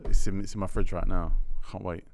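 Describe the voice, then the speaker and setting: Laid-back podcast host, low voice. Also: male voice, little pitch movement, fairly quick, gravelly, darkish tone, no room sound. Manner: laid-back, reads headlines aloud. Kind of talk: casual chat, reading news stories.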